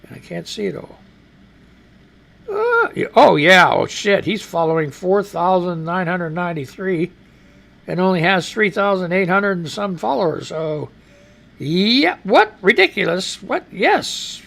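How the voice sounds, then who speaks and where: A man's voice: high voice, sing-song, measured pace, gravelly, fairly bright tone. A man hosting a live radio news show, rambling and reading listener comments with profane asides and an American accent. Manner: rambling, profane, exclaiming and laughing.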